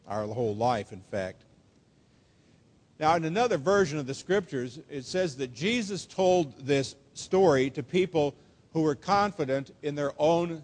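Guy preaching a sermon, earnest and emphatic, kinda high voice, long church echo. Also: darkish tone. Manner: earnest, emphatic preaching with slow, stressed quotations. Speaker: pastor. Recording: long hall reverb.

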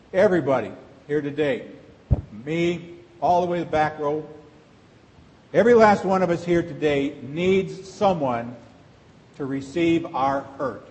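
A middle-aged pastor delivers a sermon in a fairly high voice, talking with the congregation rather than at it. He leans on rhetorical questions. A long reverb from the church hall trails after his words. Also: moderate pace, darkish tone. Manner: conversational preaching with rhetorical questions. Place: church sanctuary.

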